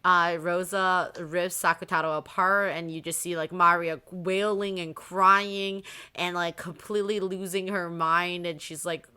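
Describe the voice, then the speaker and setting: A woman hosting a podcast, retelling a story in a lively, rambling casual chat with many fillers. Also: lowish voice, unhurried, smooth. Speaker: podcast host.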